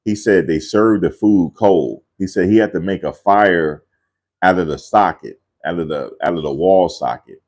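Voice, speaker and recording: A man's voice: sits low, moderate pace, a little mellow. A man casually telling a rambling family story in a loose, slangy way, often repeating himself.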